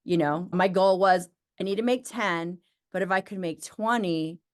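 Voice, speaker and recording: A woman who owns a business, talking as an interview guest and acting out her own excited thoughts as she tells her story. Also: on the low side, normal speed. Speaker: interview guest, med spa owner. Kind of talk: casual interview conversation.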